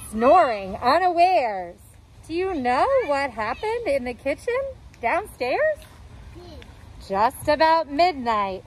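A woman teacher reading a picture book aloud to young children, expressive and playful, putting on voices for the characters. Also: sits high, poor audio. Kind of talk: read-aloud storytime for children.

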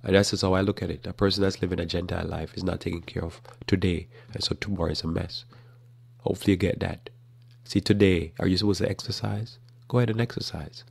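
A man's voice: sits low, gravelly, darkish tone, breathy edge, no echo. A man preaching a casual, earnest teaching sermon on a talk program, speaking conversationally and repeating his points.

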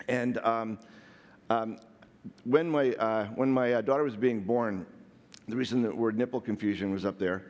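A man tells personal stories on stage in a playful, self-deprecating way. His voice sits a bit low. The sound rings out with the long reverb of a large hall. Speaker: speaker. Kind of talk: storytelling talk on stage.

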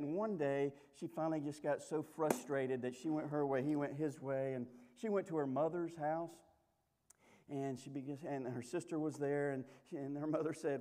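A man's voice: fairly high pitch, mellow, slight background noise. A male pastor preaching a sermon, telling a story in a folksy, humorous way with lots of restarts.

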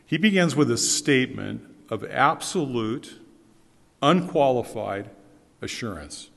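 Male pastor, mid-pitched, earnest emphatic sermon delivery, long church reverb. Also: animated, a little slow, vocal fry, a bit bright. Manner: earnest, emphatic preaching with repeated key phrases. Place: church sanctuary.

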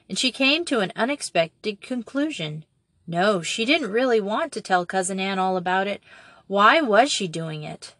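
A woman narrating a classic children's storybook in a gentle, expressive reading. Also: mid-range voice, no echo. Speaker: audiobook reader.

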